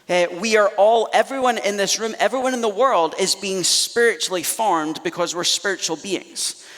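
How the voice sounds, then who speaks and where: Scottish man, pastor, fairly high voice, animated storytelling sermon, long church reverb. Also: normal speed. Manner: animated, self-deprecating storyteller. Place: church auditorium.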